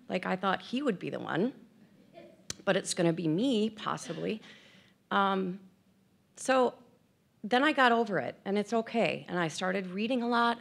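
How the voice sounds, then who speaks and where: A woman's voice: on the low side, creaky, fairly bright tone. A woman in her fifties giving candid, self-deprecating personal remarks at an event, tearful and emotional at times. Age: 50s. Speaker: speaker at an event.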